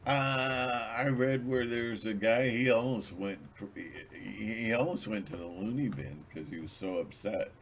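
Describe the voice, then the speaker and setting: Host, lower-voiced man, slow rambling monologue, digresses and restarts. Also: slight background noise. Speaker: channel host.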